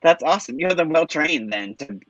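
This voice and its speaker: A man's voice: fairly high pitch, animated, brisk, no echo. A man who is a podcast guest, chatting casually and playfully acting out quotes in funny voices. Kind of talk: casual interview chat. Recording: dull lo-fi sound.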